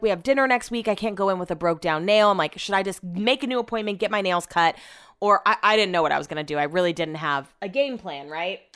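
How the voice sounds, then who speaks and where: A woman's voice: medium pitch, fairly bright tone. A woman, telling a story casually, saying "like" constantly and swearing freely. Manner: chatty, heavy use of "like", swears freely.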